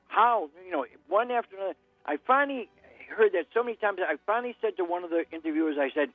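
A man's voice: sits high, expressive, fast talker, no room sound, faint music behind. An older man, calling in by phone and rambling through stories with corny one-liners. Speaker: caller. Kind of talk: phone-in chat. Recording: tinny phone line.

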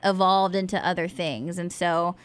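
A woman's voice: fairly low pitch, steady tone, moderate pace. A woman co-hosting a casual podcast, chatty and teasing her co-host with laughter.

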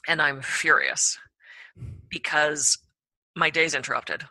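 A woman guest on a podcast, telling a personal anecdote in an animated way, acting out her own reactions with big jumps in pitch. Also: slow pace, creaky, no room sound. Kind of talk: storytelling anecdote.

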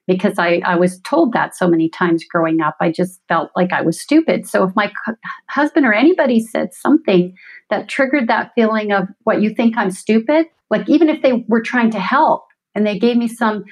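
Earnest woman coach explaining calmly. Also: medium pitch, fairly quick, rough recording. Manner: earnest, explanatory, self-reflective. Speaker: empowerment coach, guest. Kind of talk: conversational interview.

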